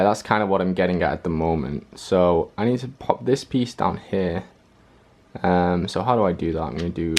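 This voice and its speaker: A man's voice: fairly low pitch, a little mellow, slight background noise. A young man hosting his own video, thinking aloud as he works through a puzzle, hesitant and full of fillers. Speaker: puzzle-solving video host.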